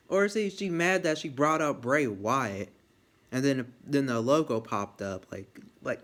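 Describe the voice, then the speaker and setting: Man, casual wrestling reviewer, rambles and swears, gets loudly excited, mid-pitched voice. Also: a little slow. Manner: excitable, rambling, swears freely, restarts often.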